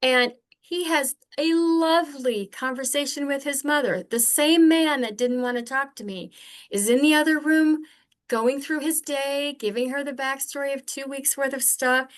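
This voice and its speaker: A woman's voice: sits high, normal speed. Older woman telling earnest stories. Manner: earnest, animated, acts out remembered exchanges. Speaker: podcast guest. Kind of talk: candid conversational storytelling.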